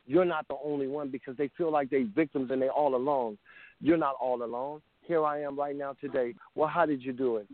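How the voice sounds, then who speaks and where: A man's voice: mid-range voice, dry recording. A middle-aged man calling in to a talk show, speaking with fervent, preacher-like emotion and sounding choked up. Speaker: caller. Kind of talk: impassioned call-in testimony. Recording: dry, tinny phone line.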